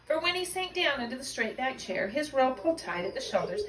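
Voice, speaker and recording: Woman narrating a novel, fairly high voice, echoey room. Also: very animated, a little fast, crowd noise. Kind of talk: reading a novel aloud.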